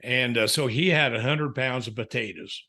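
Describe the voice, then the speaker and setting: A man's voice: mid-range voice, moderate pace, bright, forceful tone. A man, a counselor and author, telling folksy stories in a podcast interview. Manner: folksy storyteller, chuckling asides.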